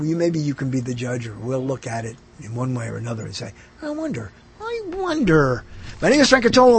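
A man's voice: on the high side, a little hiss or hum. A man hosting a radio show, rambling casually about movies, often trailing off with uh and short laughs. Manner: rambling, self-interrupting, lots of uh and laughs.

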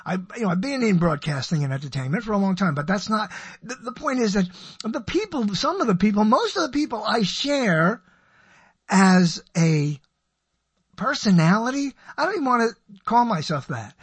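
Older male radio personality: lively, sing-song delivery, husky tone, wry and digressive monologue. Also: high-pitched, moderate pace, dry recording. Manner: digressive, self-interrupting, wry.

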